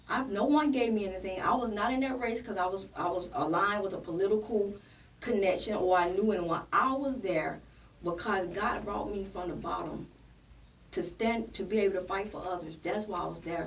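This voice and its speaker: An earnest, plain-spoken woman pastor recounts a painful experience in a podcast interview and acts out the remembered exchanges. Her voice sits at an ordinary pitch and is picked up a little distance from the mic, with a faint hiss underneath. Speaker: pastor and political candidate. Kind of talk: emotional personal storytelling in a podcast interview.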